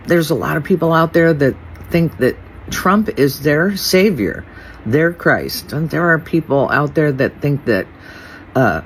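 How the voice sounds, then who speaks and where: A man speaking slowly in a halting, stumbling way, with many fillers, in a casual monologue. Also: fairly high pitch, a little hiss or hum, rough recording. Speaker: content creator.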